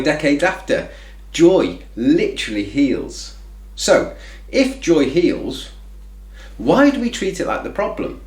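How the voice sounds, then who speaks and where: A man's voice: on the high side, reverberant. A man hosting a reflective faith talk, speaking conversationally with lots of "you know" fillers. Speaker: faith video host.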